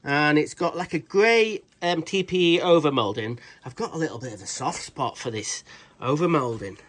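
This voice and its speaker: A man's voice: on the high side, lively intonation, moderate pace, fairly bright tone. A British man reviewing a tool in a casual vlog, rambling and swearing freely with cheeky jokey asides. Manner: rambling, swears a lot, restarts sentences.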